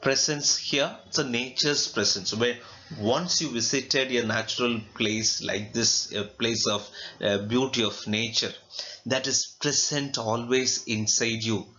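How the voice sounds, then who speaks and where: A male literature teacher with an Indian English accent, explaining a poem line by line in a slow lecture, asking himself questions and adding fillers. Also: medium pitch, fairly even intonation, sharp tone. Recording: dull lo-fi recording.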